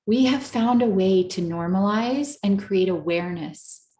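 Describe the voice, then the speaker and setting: A woman therapist giving an earnest, coaching talk to a live audience, slowing down to stress her points. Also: mid-range voice, mellow, roomy sound. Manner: earnest, coaching, slows down for emphasis. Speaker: therapist and speaker.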